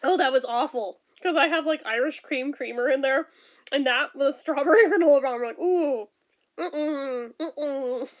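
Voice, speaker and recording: High-voiced, blunt, profane woman streamer. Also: brisk. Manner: blunt, profane, laughs often, rants. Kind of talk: casual chat reading viewer comments. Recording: dull lo-fi stream audio.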